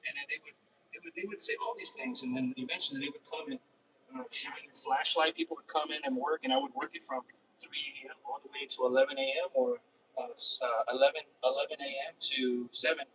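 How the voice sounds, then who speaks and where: A man's voice: mid-range voice, steady tone, fast talker, bright, forceful tone. A man telling a personal story in a rambling, repetitive way, often restarting his sentences. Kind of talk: casual personal monologue. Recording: distant mic with faint background noise.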